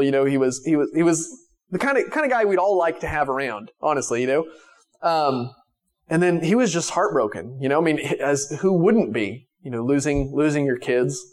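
A man preaching a sermon to his church in a conversational way, with many restarts, swinging from raised emphatic lines to quiet, soft ones. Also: mid-range voice, moderate pace. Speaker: pastor.

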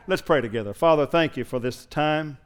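Male pastor, fairly high voice, folksy storytelling sermon with shouted peaks. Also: brisk, clear, resonant tone.

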